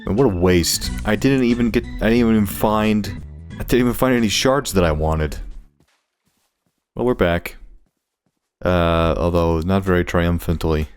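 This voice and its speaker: A man giving casual, jokey gameplay commentary, animated and quick to yelp at his mishaps. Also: low-pitched, soft background music. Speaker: gaming creator.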